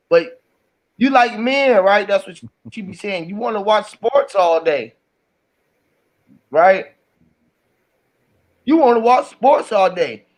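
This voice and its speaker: High-voiced rambling male storyteller. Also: fairly bright tone.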